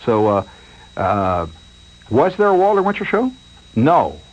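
Male radio host, rambling monologue, lively mock-nervous delivery, dull lo-fi sound with faint hum. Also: medium pitch, unhurried. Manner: rambling, animated, mock-anxious storytelling. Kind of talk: late-night radio monologue.

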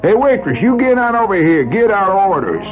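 A man doing a rude, yelling country man. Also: high voice, big pitch swings, unhurried, narrow, tinny audio, faint music behind, voice pushed up. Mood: bossy yelling. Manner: yelling, demanding. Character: rude lean rural man, bossy and loud.

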